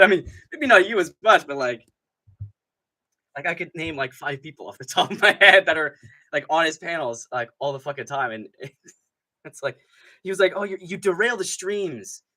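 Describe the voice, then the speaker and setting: A man hosting a live fight-night stream, ranting in a rambling, profane, excitable way and often laughing mid-sentence. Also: fairly high pitch. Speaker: MMA streamer host. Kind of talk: live stream commentary, casual rant.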